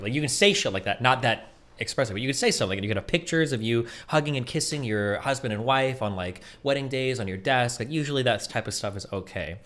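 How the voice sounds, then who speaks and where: A man's voice: mid-range voice, animated, fast, fairly bright tone. A man in his thirties, a streamer debating in a casual, blunt, profane way and reading out bill text.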